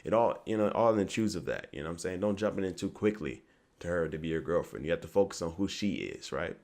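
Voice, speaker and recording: A man's voice: sits low, expressive, fast talker, a little mellow. A young man giving rambling casual dating advice to camera, often asking "you get me?". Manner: rambling, repeats "you get me", acts out quoted lines.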